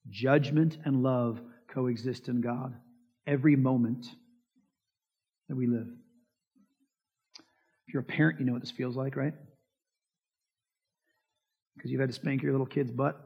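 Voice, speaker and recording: A man's voice: mid-range voice, steady tone, moderate pace, pauses often, breathy edge. A man preaching a sermon, emphatic, asking the congregation rhetorical questions and acting out quoted lines. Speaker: pastor. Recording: dull lo-fi sound with long hall reverb.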